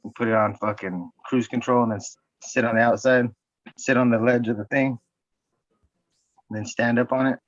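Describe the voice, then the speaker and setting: A man from the US West Coast talking in a quick, profane, casual chat, a little away from the mic. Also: medium pitch, steady tone, dry recording, highs cut off.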